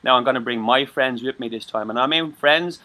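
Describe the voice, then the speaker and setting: A man's voice: medium pitch, fairly quick, sharp tone. An Irish man from Ireland chatting on a live-stream talk show, rambling and swearing, with many stammered restarts. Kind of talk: casual live-stream chat.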